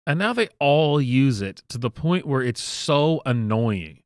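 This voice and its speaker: A man's voice: mid-range voice, expressive, measured pace, no echo, studio quality. Exasperated Southern American man ranting. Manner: exasperated and emphatic, with frequent restarts and fillers. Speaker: commentary channel host. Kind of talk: casual opinion rant.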